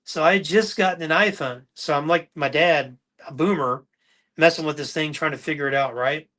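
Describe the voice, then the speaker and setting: Man, podcast host, casual storytelling, animated, slightly high voice, bright and forceful. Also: normal speed. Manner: animated anecdotal storyteller, acts out quotes.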